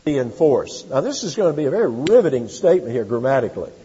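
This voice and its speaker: A man preaching an expository sermon as pastor, emphatic, slowing down to stress key words and building to loud repeated phrases. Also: mid-range voice, sing-song, slightly rough. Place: church sanctuary. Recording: lo-fi church hall recording with long reverb.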